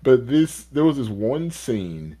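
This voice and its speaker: A man's voice: medium pitch, takes it slowly. Chatty man telling stories, laughing often. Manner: animated storytelling, laughs a lot. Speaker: podcast co-host. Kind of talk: casual podcast chat.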